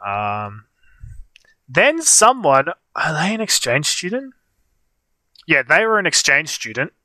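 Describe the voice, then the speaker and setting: A young man co-hosts a livestream, telling a long, meandering story in casual chat with plenty of fillers. His voice has a bright edge, and the recording is dry and close. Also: a little high, sing-song, slow, no echo. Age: young adult. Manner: rambling storytelling with frequent fillers. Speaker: livestream co-host.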